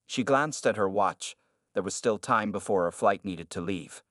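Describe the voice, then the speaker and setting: A man narrating a scripted story in a steady, even delivery. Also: lowish voice, moderate pace, no echo, clean studio sound.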